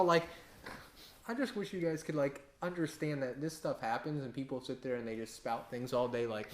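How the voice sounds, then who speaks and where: A man giving a relaxed, chatty Bible teaching. His voice sits in an ordinary middle pitch. He breaks off for jokes and rhetorical questions while walking his listeners through scripture. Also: moderate pace. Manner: casual, joking asides, rhetorical questions. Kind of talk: conversational sermon with storytelling.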